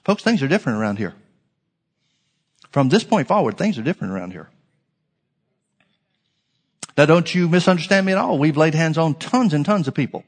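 A man preaching a sermon as pastor, emphatic, swinging from loud declarations to hushed lines. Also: fairly high pitch, big pitch swings, a little fast, pauses often, breathy edge, long reverb tail.

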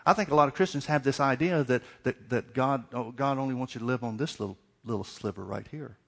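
A man's voice: mid-range voice, fast talker, vocal fry, fairly bright tone. A middle-aged man preaching a sermon, asking repeated questions and acting out little dialogues. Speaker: pastor.

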